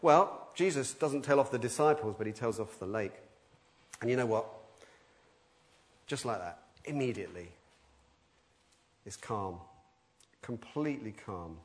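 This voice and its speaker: A middle-aged man preaching a sermon, animated and conversational, breaking into loud acted-out voices. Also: medium pitch, unhurried, pauses often. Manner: animated, acts out quoted voices with sudden loud outbursts.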